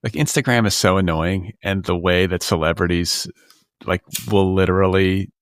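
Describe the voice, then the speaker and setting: A man's voice: low voice, steady tone, moderate pace, dry recording, studio quality. A middle-aged man hosting a podcast, talking in a rambling, exasperated way full of "like" and restarts. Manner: rambling, filler-heavy, exasperated. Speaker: podcast host. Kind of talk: casual comedic chat. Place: Los Angeles.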